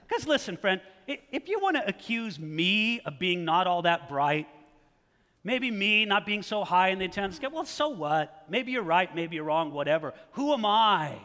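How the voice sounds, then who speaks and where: High bright-voiced preacher in a reverberant hall. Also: male voice, moderate pace. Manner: animated, rhetorical questions, mock-challenging tone. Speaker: pastor. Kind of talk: sermon.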